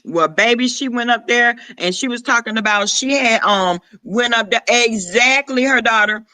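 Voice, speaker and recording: A man, chatting casually on a live stream, sassy and profane, throwing quick asides to his viewers. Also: extremely high pitch, bright, forceful tone, dry recording. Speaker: vlogger greeting live chat.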